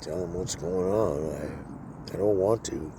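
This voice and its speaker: This sixty-something vlogger speaks slowly in a low-pitched voice, his talk blunt, tired and full of profanity. He's outside, and there's plenty of background noise.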